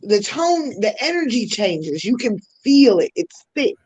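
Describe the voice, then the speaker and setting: A woman's voice: on the high side, big pitch swings, unhurried, a little mellow, slightly rough, rough recording. A woman hosting a podcast, explaining communication styles in a teaching tone with casual slang asides. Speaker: podcast host.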